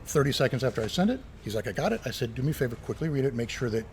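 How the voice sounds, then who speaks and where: A middle-aged man, formerly a pilot and air traffic controller, rattles off stories in rapid-fire fashion with a mid-range voice. As a guest in a casual interview held in an old airport terminal near a runway, he animatedly acts out quoted dialogue.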